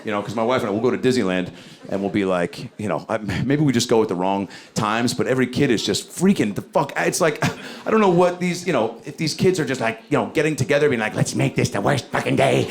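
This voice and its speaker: A man in his forties doing a profane, rapid-fire stand-up set, with mumbled asides and loud bursts, on a handheld mic on a club stage. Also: medium pitch, expressive. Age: 40s. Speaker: stand-up comedian. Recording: loud audience laughter and room ambience.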